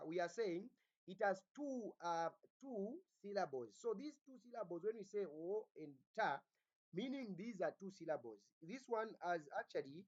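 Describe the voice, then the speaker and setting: Lecturer who keeps checking in with the class. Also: medium pitch. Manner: keeps asking the class "what?" and "Are we together?"; repeats words, restarts often. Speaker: teacher. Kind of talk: recorded phonology lecture. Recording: dull lo-fi recording.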